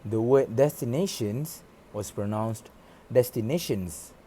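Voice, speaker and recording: Young guy presenting for class, mellow darker voice, methodical, bit of background hiss. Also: medium pitch, big pitch swings, a little slow. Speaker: student presenter.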